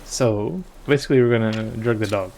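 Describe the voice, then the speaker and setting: A man hosting a game playthrough who makes rambling, soft-spoken casual asides. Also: fairly low pitch, a little fast, a little hiss or hum. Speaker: let's play host. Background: game music.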